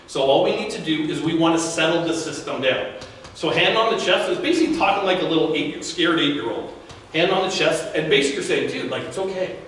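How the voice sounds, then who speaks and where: A man speaks in a fairly high voice to a business audience at an event, in a loose, conversational way, often restarting and repeating words. He sounds distant from the microphone. The room is very echoey, with faint background noise. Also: fast, fairly bright tone. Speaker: guest speaker. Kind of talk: live talk to a business audience.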